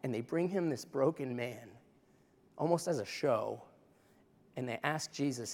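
A man's voice: medium pitch, unhurried, long pauses, darkish tone. A male pastor preaching with impassioned, conversational energy, his mid-range voice carried by a long church reverb. He moves between casual asides and fervent emphasis. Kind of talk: sermon.

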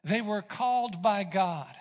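Male pastor, sermon, high voice, dramatic loud-to-hushed swings, long hall reverb. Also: slow pace. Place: church sanctuary.

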